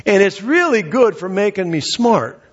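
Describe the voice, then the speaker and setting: Man, preacher, husky voice, slightly high, conversational sermon, long hall reverb, muffled lo-fi sound. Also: big pitch swings, normal speed. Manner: conversational, asks rhetorical questions, voices quoted speakers. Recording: dull lo-fi recording in a reverberant hall.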